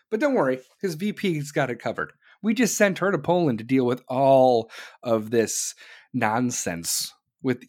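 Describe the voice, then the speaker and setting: A man delivering a heated, sarcastic political rant, swearing and bursting out loudly. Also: mid-range voice. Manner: heated, sarcastic, swearing, with sudden loud outbursts.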